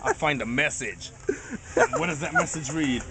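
A man's voice: medium pitch, huge pitch swings, moderate pace, sharp tone. A man joking around with a friend, teasing him with sing-song mock chants and laughing a lot. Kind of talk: casual joking banter among friends.

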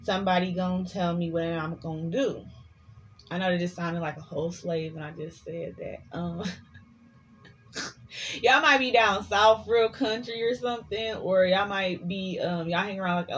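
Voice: mid-range voice, moderate pace, fairly bright tone, lo-fi sound, slight background noise. A tarot reader giving a casual collective reading, chatty and sassy, swearing freely and rambling between the cards.

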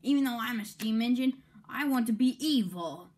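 A woman's voice: a little high, expressive, moderate pace, darkish tone, voice pushed up. A woman voicing a scheming male steam engine villain in a storybook-style tale, with a sneering delivery. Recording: music playing underneath.

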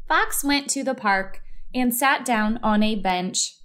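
Very slow woman reading a children's story. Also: a little high, a bit bright, smooth. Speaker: storybook reader. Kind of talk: reading a children's book aloud.

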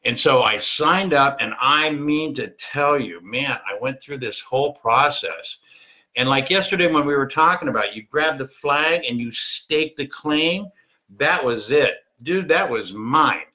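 A man's voice: medium pitch, expressive, unhurried, bright, forceful tone. A middle-aged man hosting a personal finance show, giving a punchy, emphatic motivational monologue with casual swearing.

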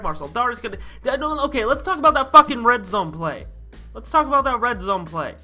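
Young man, football recap host, frustrated rant, swearing, bright voice. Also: extremely high pitch, sing-song, fairly quick, soft background music. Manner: frustrated, swearing, rhetorical questions. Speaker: sports podcast host.

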